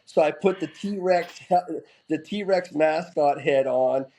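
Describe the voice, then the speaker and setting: A middle-aged man, a former hockey player, telling rowdy stories as a guest in a casual interview, animated, with frequent restarts and casual swearing. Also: a little high, takes it slowly, a little hiss or hum, rough recording.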